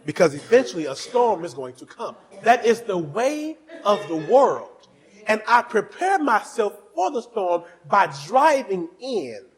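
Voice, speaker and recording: A male pastor preaching a fervent sermon, dropping to soft asides and then rising to shouting as he urges on the congregation. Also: sits high, breathy edge, poor audio. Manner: exhorting the congregation.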